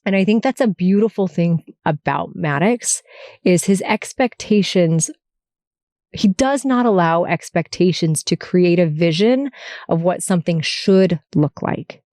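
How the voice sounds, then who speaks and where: A woman's voice: on the low side, animated, measured pace, darkish tone, dry recording, clean studio sound. A middle-aged woman hosting her podcast, telling a personal story in a candid, chatty way with small laughs and restarts. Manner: candid, chatty, frequent laughs and self-corrections. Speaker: podcast host. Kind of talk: emotional personal monologue. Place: parked car.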